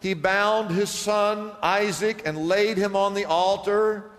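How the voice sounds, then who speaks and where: A man's voice: sits high, steady tone, slow, fairly bright tone, big-room sound. A male pastor preaching a sermon, acting out Bible scenes and reading scripture aloud.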